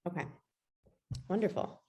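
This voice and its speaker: A woman's voice: normal speed, a little mellow. A woman presenting a webinar in a casual, chatty way, often saying "like" and keeping an upbeat tone.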